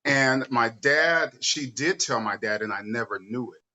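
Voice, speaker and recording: Man from San Diego, bright tone, lively storyteller, video-call chat. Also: mid-range voice, measured pace, dull audio. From San Diego area. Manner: animated storyteller who laughs while telling. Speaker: co-host and drag performer.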